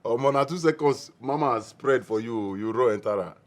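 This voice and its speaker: A young actor with a Nigerian Pidgin accent playing an excitable man who jokes and teases his friend. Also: medium pitch, fairly quick, lightly acted. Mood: teasing. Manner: joking, teasing, excitable. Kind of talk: film drama acting.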